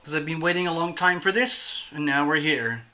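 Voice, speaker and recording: A chatty man hosting his own channel, talking straight to his viewers in a loose, playful way. His voice is strikingly bright and sits a little high for a man. He sounds a touch jittery as he keeps things light. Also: normal speed. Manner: chatty, playful, self-admittedly nervous. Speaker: tarot channel host. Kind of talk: casual solo livestream talk.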